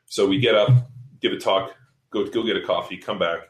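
A man's voice: low-pitched, fairly even intonation, a little fast, roomy sound. A man coaching fitness seminars, telling a story in casual podcast talk, blunt and profane, acting out what people said. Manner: profane, blunt, acts out quotes.

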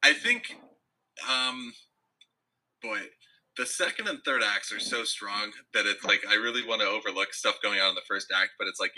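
A man's voice: on the low side, poor audio. A man co-hosting a podcast, chatting casually about a film and laughing often. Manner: relaxed, laughs often, restarts sentences. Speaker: podcast co-host. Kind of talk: casual film review chat.

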